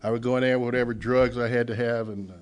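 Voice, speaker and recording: A man speaking at a recovery meeting, telling his own story and acting out the dialogue, swinging from hushed to loud. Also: medium pitch, little pitch movement, fast, clean tone. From Los Angeles. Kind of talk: personal testimony at a meeting.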